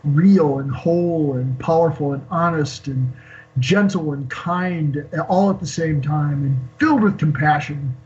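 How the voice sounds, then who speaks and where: A man in his sixties, a guest on an interview show, telling an emotional personal story in a halting way with many fillers and restarts. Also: fairly high pitch, darkish tone. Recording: dull lo-fi call audio.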